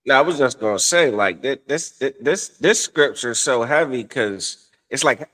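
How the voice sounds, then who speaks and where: A man's voice: medium pitch, animated, moderate pace, fairly bright tone. A male co-host with an ordinary mid-range voice. He speaks casually and hesitantly, often stopping and restarting his sentences before making his point. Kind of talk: casual discussion.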